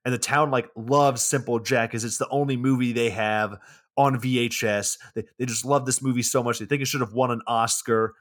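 A man's voice: mid-range voice, steady tone, normal speed. A man co-hosting a podcast, casually recapping a movie plot in a loose, profane way with lots of fillers. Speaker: podcast co-host.

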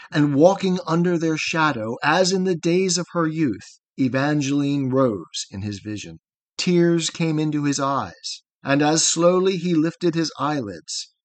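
A man reading a long narrative poem aloud in a solemn, measured way with dramatic pauses. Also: medium pitch. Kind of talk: slow measured poetry reading.

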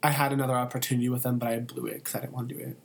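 A young man in casual chat, rambling through a story with plenty of fillers and crude asides. His pitch sits in a middle range, and a faint hiss of noise runs under the recording. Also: level tone, racing, vocal fry. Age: young adult. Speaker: college student and photography intern.

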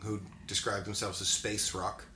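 A man in a band, chatting casually and telling animated stories with frequent laughs. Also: lowish voice, moderate pace, reverberant, slight background noise. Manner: animated storyteller, laughs often. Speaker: band member. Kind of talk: casual chat.

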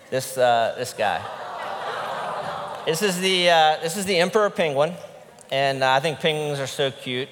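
A man's voice: on the high side, big pitch swings, a little slow, pauses often, fairly bright tone, slight background noise. A male pastor preaching a conversational sermon, earnest and candid, his voice sometimes breaking with emotion. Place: church sanctuary. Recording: long reverb in a large hall.

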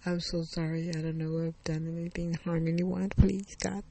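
A man's voice: a little high, level tone, brisk, warm tone. A man voicing a frightened young woman driver who pleads and prays, repeating herself. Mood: praying.

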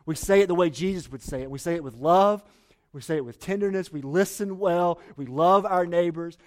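A man's voice: high voice, fairly quick. A male pastor preaching a sermon to his church in an earnest, urgent way, restarting and repeating phrases as he builds his points.

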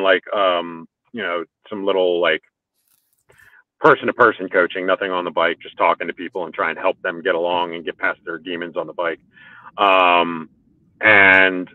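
Deep-voiced man on a tinny phone line. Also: no room sound. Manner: rambling, filler-heavy talk with restarts. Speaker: motorcycle track day organizer and riding coach. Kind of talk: casual podcast chat. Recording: phone-like call audio.

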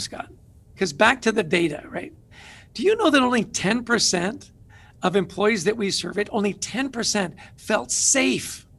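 Energetic male guest author with a high, gravelly voice, animated storyteller. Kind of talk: interview conversation.

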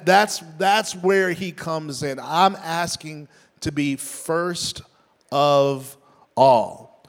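A man's voice: a little high, in a large hall. A male pastor preaching a sermon, with an earnest, explanatory manner that repeats key points.

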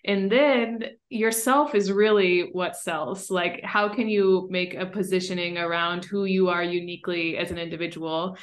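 A woman with a lower voice hosts a podcast interview. She talks in a reflective, casual way and sums up her guest's points before asking her next question. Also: steady tone, moderate pace, hardly any pauses. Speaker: podcast host. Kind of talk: conversational interview.

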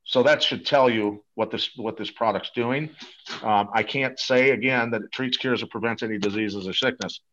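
A man's voice: medium pitch, normal speed, fairly bright tone. Eager rambling man on dull audio. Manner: eager, rambling, salesy, many restarts. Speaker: guest promoting a supplement. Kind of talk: casual interview talk.

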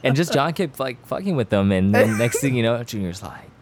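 On a podcast among friends, a man with an expressive, mid-range voice tells crude, slangy stories at a fairly quick pace, laughing between lines. A faint hiss or hum sits under the recording.

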